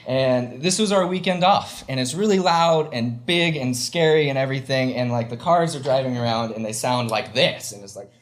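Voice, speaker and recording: A man's voice: mid-range voice, moderate pace, hardly any pauses. A young man from the US, telling a comic story on stage before a live audience, chatty and full of fillers, laughing along as he talks. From Southern United States.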